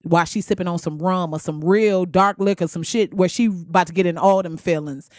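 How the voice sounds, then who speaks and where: A woman's voice: on the low side, steady tone, fairly quick, a little mellow, no room sound, studio quality. A young adult woman talking bluntly and candidly in a casual vlog, profane and laughing often. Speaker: vlogger.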